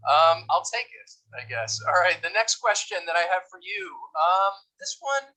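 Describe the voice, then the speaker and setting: A man's voice: sits high, big pitch swings, moderate pace, bright, forceful tone, rough recording. A man teaching English vocabulary in an online lesson, chatty and reading replies from the chat. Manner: chatty, reads the chat, laughs easily.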